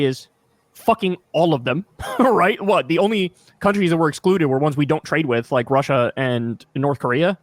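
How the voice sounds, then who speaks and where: Fired-up, high-voiced male political commentator. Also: no room sound, clean studio sound. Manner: exasperated, profane, emphatic ranting. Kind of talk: reaction video commentary.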